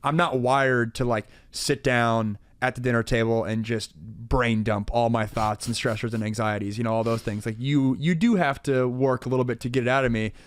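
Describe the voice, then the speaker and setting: A man's voice: medium pitch, fairly even intonation, moderate pace, few pauses, no echo. A young adult man co-hosting a podcast with his wife, laid-back and joking, talking in long rambling runs. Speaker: podcast co-host. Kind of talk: casual couple chat.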